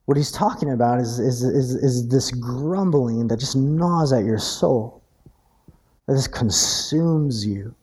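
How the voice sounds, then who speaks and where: A man preaching a sermon, animated and earnest, often stammering over repeated words as he builds emphasis. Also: mid-range voice, slow pace, breathy edge. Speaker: pastor.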